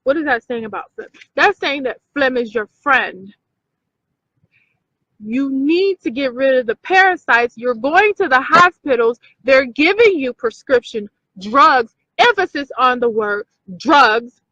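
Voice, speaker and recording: A woman's voice: sits high, animated, measured pace, bright, forceful tone, dry recording, muffled recording. A woman hosting a casual talk video for her viewers, emphatic, repeating points and checking in with "okay?". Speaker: video host.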